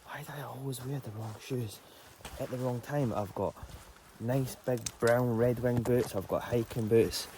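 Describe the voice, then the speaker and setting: A man's voice: medium pitch, measured pace, background noise. Rambling, self-mocking man on a hike. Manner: chatty, rambling and self-deprecating. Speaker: van life vlogger. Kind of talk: casual vlog talking to camera. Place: outdoors on a coastal hiking trail.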